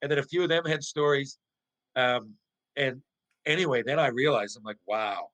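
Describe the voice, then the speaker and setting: A middle-aged man, a former pro hockey player and podcast guest, tells stories in casual conversation. He is animated and profane, restarts often and asks rhetorical questions. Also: medium pitch, moderate pace, low-quality recording.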